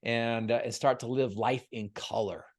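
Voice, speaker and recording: A man's voice: mid-range voice, steady tone, moderate pace. A man, a guest on an interview show, telling a personal story in an earnest, emotional way with frequent stumbles and repeated words. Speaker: guest, motivational speaker. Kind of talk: heartfelt storytelling.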